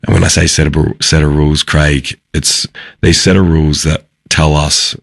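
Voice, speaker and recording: A young Australian man with a husky, gravelly voice, a podcast guest talking earnestly and haltingly in an interview. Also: rumbling low, level tone, a bit bright, dry recording, studio quality. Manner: halting, restarts phrases, earnest. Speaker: podcast guest, former footballer. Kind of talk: candid interview talk.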